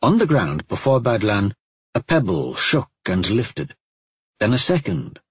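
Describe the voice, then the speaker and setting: A man reads a fantasy story aloud in a calm, steady way, his rather low voice heavily husky and breathy. The recording is close and dry, with no room sound at all. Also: a little slow, no echo. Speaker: narrator. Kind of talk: audiobook narration.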